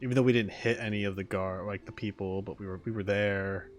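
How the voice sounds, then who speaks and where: A man's voice: on the low side, steady tone, quick pace, slight background noise. A man commenting casually on a video game as he plays, rambling with frequent restarts. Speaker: gaming streamer. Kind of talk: casual let's-play commentary.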